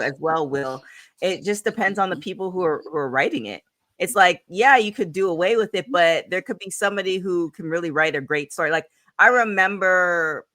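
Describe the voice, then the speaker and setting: Woman podcast host, casual chat, animated storytelling, bright tone, dry sound. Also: low-pitched, dry recording. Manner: animated storyteller, quick asides.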